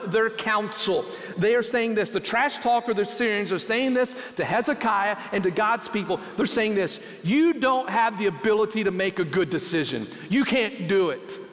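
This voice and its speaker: A man's voice: sits high, fairly bright tone. A male pastor preaching a sermon, building to emphatic peaks and acting out quoted taunts. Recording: long hall reverb.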